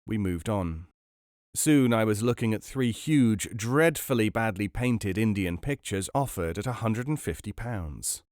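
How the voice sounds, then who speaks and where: A man with a lowish voice reads a first-person story aloud, measured but expressive. His pitch moves with lively swings. The recording is dry and close. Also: no room sound. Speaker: podcast narrator. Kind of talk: audiobook reading.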